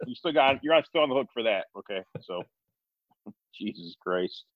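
A man's voice: mid-range voice, expressive, normal speed, no room sound. A man co-hosting a podcast, teasing the others with sarcastic remarks in casual chat. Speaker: podcast co-host. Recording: dull dry lo-fi sound.

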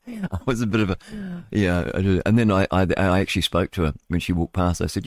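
Rambling New Zealand radio host. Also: male voice, low-pitched, a little fast, no room sound, clean studio sound. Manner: rambling, self-interrupting, chuckling asides. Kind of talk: casual morning radio talk. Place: radio studio.

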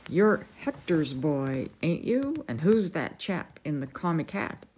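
Haughty old knight, put on by a woman reader; gruff, drawling, distant. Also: low voice, very animated, takes it slowly, a little mellow, full character voice.

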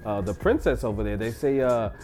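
Mellow-voiced Puerto Rican radio co-host. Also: male voice, lowish voice, expressive, faint music behind. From Puerto Rico. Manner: easygoing, laughs along, halting with fillers. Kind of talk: casual banter on a radio show.

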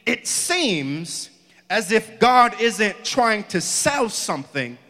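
A male pastor preaching a sermon, with a rhythmic delivery that builds into shouted calls. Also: high voice, very animated, slow pace. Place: church sanctuary. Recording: church with long reverb.

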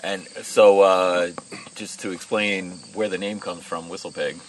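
A man interviewing a guest in a relaxed, enthusiastic way, quick to laugh. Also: low voice, a little hiss or hum, rough recording. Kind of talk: casual interview.

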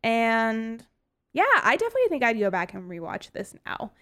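A woman's voice: fairly high pitch, big pitch swings, normal speed, a bit bright, clear, resonant tone. Chatty, giggly woman reviewing a movie. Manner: chatty, giggly, with lots of fillers. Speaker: podcast co-host. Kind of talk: casual chat, movie review.

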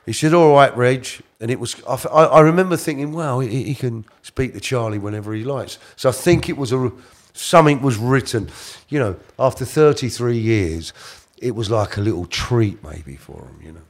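Speaking at a moderate pace with few pauses, this middle-aged man has a mid-range voice. As an interview guest telling a casual story, he rambles, fixes his own wording, and drops into other people's voices when quoting them.

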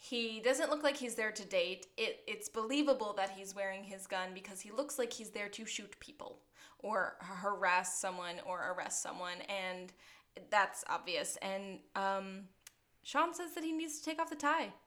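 A woman's voice: mid-range voice, moderate pace, a bit bright. A woman co-hosting a podcast, recapping a TV episode in casual, joking chat with frequent laughs. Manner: chatty, joking, laughs often. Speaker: podcast co-host.

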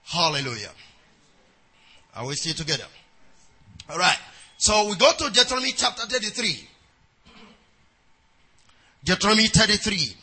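A man preaching a sermon who reads scripture aloud in a measured cadence and often checks in with his congregation, with quick prayerful asides. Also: high-pitched, very animated, bright, forceful tone, husky, low-quality recording.

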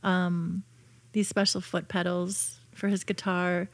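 A woman's voice: on the low side, level tone, slow pace, dry recording. A woman telling personal stories in a casual chat, with many fillers and restarts.

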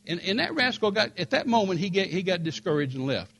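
Emphatic older preacher. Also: male voice, high-pitched, big pitch swings, brisk, few pauses. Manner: emphatic, rises to forceful peaks. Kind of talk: sermon storytelling.

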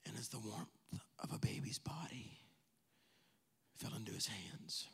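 A man preaching a sermon, telling a story dramatically and swinging from hushed whispers to shouting. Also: on the low side, lively intonation, a little slow, vocal fry, breathy edge, big-room sound.

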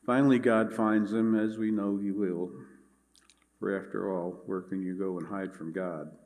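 Low-voiced man preaching a sermon. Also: little pitch movement, darkish tone. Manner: measured, earnest preaching with scripture reading. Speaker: pastor.

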